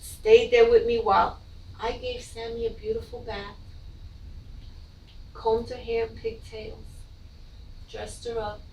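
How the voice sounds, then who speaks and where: A middle-aged woman, a mother, gives an emotional, halting personal account of her child's death, often repeating her words. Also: fairly high pitch, little pitch movement, darkish tone, a little hiss or hum. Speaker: bereaved mother telling her story. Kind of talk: personal testimony. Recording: echoey room, from a distance.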